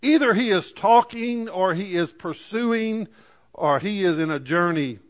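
A man voicing a mocking male prophet who taunts rival priests in a loud, scornful way. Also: sits high, expressive, unhurried, voice pushed up. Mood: taunting.

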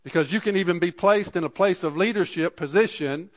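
A man preaching a sermon, reading scripture slowly and dropping his voice for asides. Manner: slows and rises for scripture readings, drops low for asides; archaic scripture readings, repeated "Amen". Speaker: pastor.

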